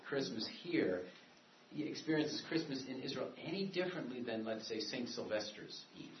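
A man with a medium-pitched voice and lively intonation lectures a class at a moderate pace, speaking discursively and conversationally with many asides and restarts. He's recorded from a distance in an echoey room, sounding dull and muffled, with slight background noise.

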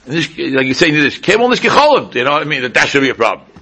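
A rabbi with a medium-pitched voice gives an informal Torah lecture, talking at a racing pace with a sharp tone. He keeps it conversational and repeats pointed rhetorical questions.

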